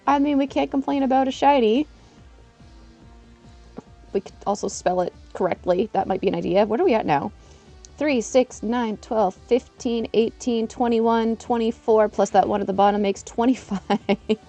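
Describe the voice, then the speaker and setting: A young woman streamer chatting casually to her live-stream viewers, acting out quoted people in an animated way and laughing often. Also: normal speed, soft background music. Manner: animated, acts out quotes with big pitch jumps. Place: living in Japan.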